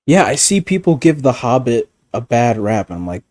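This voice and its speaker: A man ranting in casual chat as a streamer, animated and profane, often laughing. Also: mid-range voice, moderate pace, hardly any pauses, dry recording.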